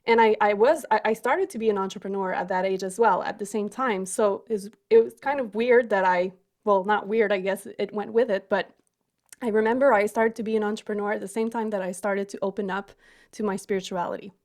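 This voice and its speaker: A woman hosting a podcast, sharing her own experience in a reflective, halting way. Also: mid-range voice, darkish tone. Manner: reflective, with many fillers and restarts. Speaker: podcast host. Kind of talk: casual interview chat.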